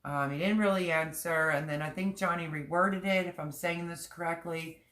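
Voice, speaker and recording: A middle-aged livestream host talks from home at normal speed, her low-side voice steady and fairly bright. The echoey room carries her candid, emotional, rambling chat, in which she repeats things.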